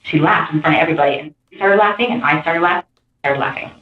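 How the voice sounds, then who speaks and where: A woman in a police interview, telling her story in a rambling, animated way. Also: deep voice, quick pace. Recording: muffled roomy interview tape.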